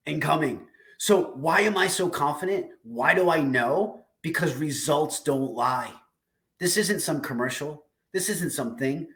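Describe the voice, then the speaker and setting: Japanese line 1, see D1 below. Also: male voice, a little high, a bit bright. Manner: emphatic, repeats phrases, swears. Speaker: host of a weekly diet community livestream. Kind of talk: passionate livestream pep talk. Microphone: video call streaming setup.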